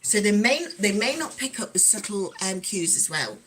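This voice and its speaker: Sewing as she talks, a middle-aged livestream host from England chats casually in a Nottingham accent, giggling often as she reads viewers' comments aloud. Her medium-pitched voice is sing-song and fairly bright, at a moderate pace, with a little hiss or hum in the audio.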